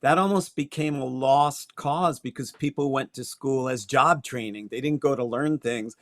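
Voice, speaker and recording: A man's voice: mid-range voice, normal speed, fairly bright tone, dry recording, clean studio sound. An older man from Connecticut, a guest astrologer, telling his story in a reflective way with small restarts. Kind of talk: interview conversation.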